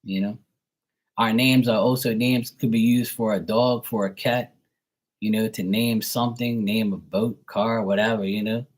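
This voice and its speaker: A man's voice: on the low side, steady tone, moderate pace. A man who reads tarot on a live stream, rambling in casual chat, swearing freely, laughing and mimicking how other people talk. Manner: loose and profane, laughs often, mimics other people's voices.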